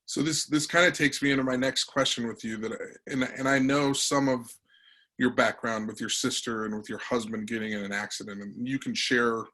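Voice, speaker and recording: A man's voice: medium pitch, steady tone, moderate pace, pushed and bright, rough recording. A man hosting an interview, chatting loosely and rambling as he frames his questions. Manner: loose, rambling, lots of fillers. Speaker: interviewer, host. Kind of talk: conversational interview.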